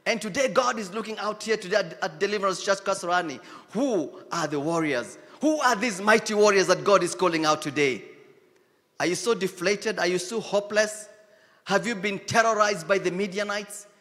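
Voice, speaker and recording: A man's voice: high voice, normal speed, sharp tone, long reverb tail. A man with a Kenyan accent preaching a sermon, emphatic and repetitive, dropping Swahili phrases into his English. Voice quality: emphatic preaching, repeats key lines, switches into Swahili phrases. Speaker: pastor.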